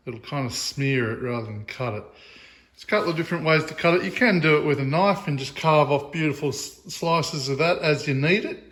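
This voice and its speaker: A man, a farmer and host, chatting casually through a how-to demonstration. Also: fairly high pitch. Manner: relaxed, chatty, with fillers.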